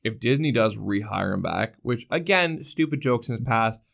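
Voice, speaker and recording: A man's voice: medium pitch, moderate pace, vocal fry, fairly bright tone. Young man ranting, swearing freely. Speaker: podcast co-host. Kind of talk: casual chat.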